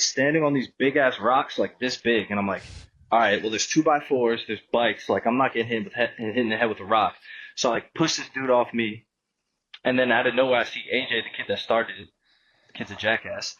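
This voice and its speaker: A man's voice: medium pitch, fairly bright tone, breathy edge, muffled recording. A man guesting on a podcast, telling a long story in a rambling, profane, casual way and acting out what people said. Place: podcast studio.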